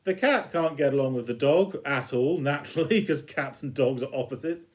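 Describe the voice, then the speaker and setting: A man's voice: mid-range voice, normal speed. A man casually retelling a TV episode as a reviewer, chuckling between lines.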